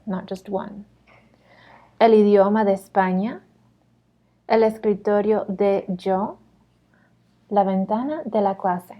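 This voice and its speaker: A woman's voice: medium pitch, warm tone. A woman teaching a Spanish lesson. She explains patiently in English, models Spanish phrases, and corrects herself as she goes. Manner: self-correcting, conversational. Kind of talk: recorded lesson lecture.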